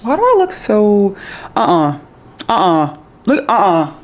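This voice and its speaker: A woman's voice: mid-range voice, big pitch swings, a little slow. A woman in her thirties vlogging from a hotel room, talking casually to her viewers in a chatty, rambling way full of fillers. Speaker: travel vlogger. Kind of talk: casual vlog talk to camera.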